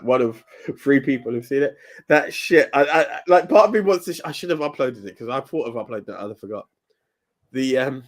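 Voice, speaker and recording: A drunk young man, a co-host rambling in casual chat, stumbling over his words and laughing often. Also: medium pitch.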